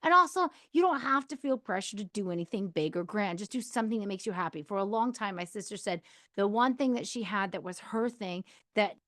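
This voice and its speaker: A woman's voice: mid-range voice, lively intonation, fairly quick, a bit bright, no room sound, clean studio sound. A middle-aged woman hosting a podcast, giving casual, encouraging advice straight to the listener. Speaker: podcast host.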